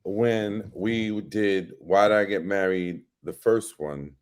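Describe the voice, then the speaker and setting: A middle-aged man with a somewhat low voice talks casually as a guest. He tells animated stories and slips into the voices of the people he quotes. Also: slow pace, clean tone. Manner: animated storyteller who acts out quoted voices. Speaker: actor guest. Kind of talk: casual interview chat.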